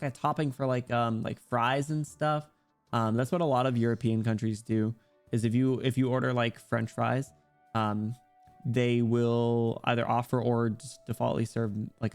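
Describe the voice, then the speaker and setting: A man chatting loosely with his stream viewers, jumping from one thought to the next and cracking jokes at his own expense. His voice sits at an ordinary middle pitch, and some music plays faintly behind him. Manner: rambling, self-deprecating, joking. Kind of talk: casual chat with viewers.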